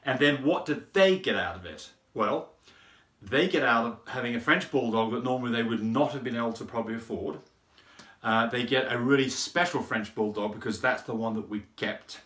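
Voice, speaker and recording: A man's voice: mid-range voice, normal speed, fairly bright tone. A man who breeds French Bulldogs, explaining things in a casual, rambling way and often repeating words as he thinks. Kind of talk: casual explanatory talk to camera. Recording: roomy echo.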